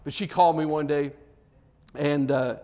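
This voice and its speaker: A man's voice: fairly even intonation, normal speed, mellow. A middle-aged man preaching a sermon in a loose, conversational way, breaking off and restarting as he tells family stories. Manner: conversational, self-interrupting, acts out dialogue with big pitch jumps. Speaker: pastor. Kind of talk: sermon with storytelling.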